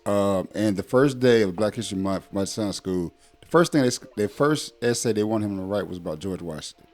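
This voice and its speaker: A man's voice: lowish voice, animated, brisk, darkish tone, faint music behind. A man in his thirties speaking as a parent in a casual conversation, blunt and emphatic with many fillers. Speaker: guest parent.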